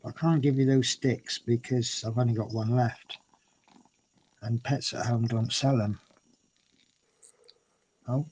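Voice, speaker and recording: A man's voice: medium pitch, fairly even intonation, slow, pauses often, darkish tone, husky. A man chatting casually on a livestream from home, rambling and cooing at his cat. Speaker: streamer. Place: at home indoors.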